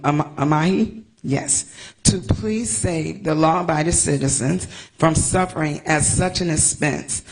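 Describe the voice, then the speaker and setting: A woman from the United States giving an emotional statement at a press conference, tearful and halting, stumbling over her words. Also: low voice, creaky, rough recording. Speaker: investor speaking at a press conference.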